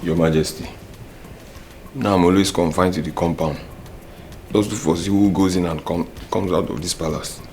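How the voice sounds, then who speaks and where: A man acting as a humble palace servant with a very deep voice, pleading his innocence to the king. He sounds distant over faint background noise. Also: steady tone, moderate pace, long pauses, darkish tone. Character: lowly male palace servant confined to the compound.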